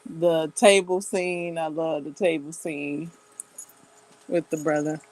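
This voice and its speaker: A woman's voice: deep voice, little pitch movement, takes it slowly, a little mellow, slight background noise, poor audio. A woman vlogger in casual chat, rambling and giggling, with many hesitant fillers.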